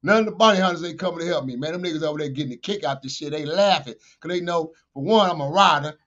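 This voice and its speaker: A man, a podcast guest telling a street story with profanity, acted-out dialogue and shouted sound effects. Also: a little high, quick pace. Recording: dull lo-fi podcast audio.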